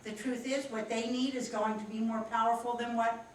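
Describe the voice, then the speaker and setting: A woman with a Philadelphia accent teaching a professional etiquette class, animated and encouraging as she talks with her students. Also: on the high side, moderate pace, recorded from a distance, a little hiss or hum. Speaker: instructor. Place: large echoey classroom. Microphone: distant room mic. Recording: echoey room recorded from afar.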